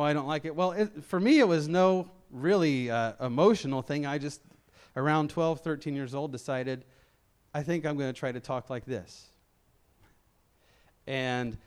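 A man's voice: a little high, clean tone. A middle-aged man from Memphis, Tennessee, preaching a sermon with no regional accent, in a conversational, self-deprecating way with frequent restarts. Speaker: lay preacher.

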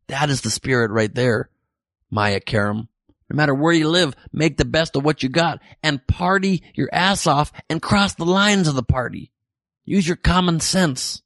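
A man's voice: fairly high pitch, moderate pace, fairly bright tone, no room sound, studio quality. A man hosting a comedic weekly news podcast, reading listener messages with jokey, irreverent asides. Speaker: podcast host.

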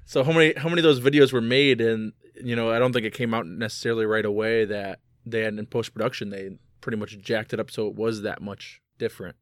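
Relaxed, musing podcast guest man. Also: on the low side, fast talker, hardly any pauses, no room sound, studio quality. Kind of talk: casual movie podcast chat.

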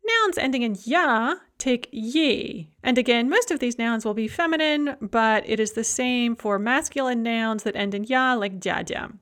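A woman teaching a grammar lesson, explaining rules clearly and reading out pairs of example words. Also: on the high side, unhurried, hardly any pauses, a bit bright. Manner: clear, methodical, reads example word pairs aloud. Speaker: language teacher.

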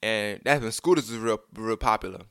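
A young man tells a rambling personal story at a fast clip, circling back with restarts and asides to his listener. He slips into animated versions of the people he quotes. The sound is dry and close, with no room around it. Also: fairly low pitch, clean tone, dry recording. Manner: animated acting out of quoted lines. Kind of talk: casual storytelling.

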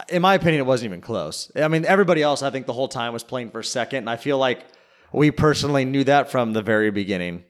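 Fast-talking goofy man. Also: a little high. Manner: goofy, emphatic, fast talker. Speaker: podcast co-host. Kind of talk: casual chat.

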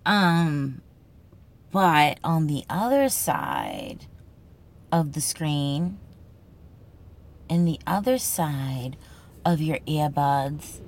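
Brash, slow-talking Boston woman. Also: low-pitched, big pitch swings. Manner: brash and profane, jokey, tough-talking. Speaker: podcast host. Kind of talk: casual comedic monologue.

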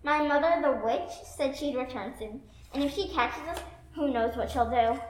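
A woman voicing a spirited young princess escaping a tower, talking in an animated, excitable way. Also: high voice, moderate pace, a little hiss or hum, close to an everyday voice. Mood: excited. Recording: echoey room.

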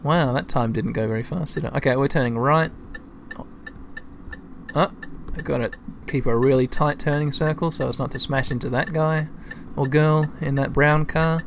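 A man's voice: medium pitch, steady tone, moderate pace, creaky, a little hiss or hum. A man giving casual gameplay commentary as a let's-play host, chatty and thinking aloud as he talks to his listeners.

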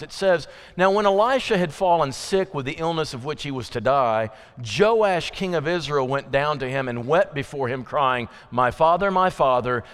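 Guy preaching a sunday evening sermon, chatty, voice jumps all over, big echoey church. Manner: conversational, asks the listeners questions; acts out quoted voices with sudden pitch jumps. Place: church sanctuary. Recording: long hall reverb.

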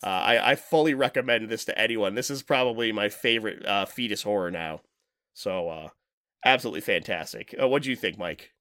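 A man's voice: on the low side, a little fast, sharp tone, no echo, clean studio sound. Laid-back swearing podcast guy. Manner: rambling, swears a lot, laughs often. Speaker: podcast co-host. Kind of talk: casual chat.

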